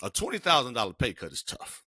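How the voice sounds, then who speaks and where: A man's voice: mid-range voice, big pitch swings, fast talker, bright, forceful tone, breathy edge, no room sound, studio quality. A middle-aged man co-hosting a podcast, telling a personal story in an emphatic, slangy way. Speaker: podcast co-host. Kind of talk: casual podcast conversation.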